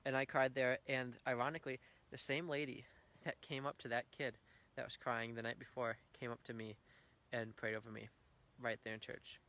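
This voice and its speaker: A man's voice: medium pitch, flat delivery, moderate pace, bright, forceful tone. A young man giving an earnest, heartfelt personal faith testimony at church, telling his story with swells of feeling.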